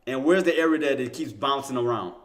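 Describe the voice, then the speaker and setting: A man's voice: mid-range voice, fast. A man hosting a day-trading livestream, talking through the chart live, repeating himself, restarting sentences and getting insistent. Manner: talks to himself, repeats phrases, restarts often; excited, insistent bursts. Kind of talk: live market commentary.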